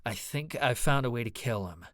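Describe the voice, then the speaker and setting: A man's voice: medium pitch, lively intonation, moderate pace, a bit bright, no echo, clean studio sound, lightly acted. A man voicing an earnest young male researcher. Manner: emphatic, slightly wavering.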